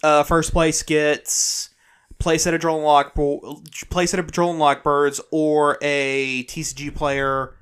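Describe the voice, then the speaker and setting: Man, from the USA, podcast co-host, hesitant, fairly high, bright tone. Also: little pitch movement, takes it slowly, clear, resonant tone. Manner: hesitant, lots of ums. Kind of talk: casual chat.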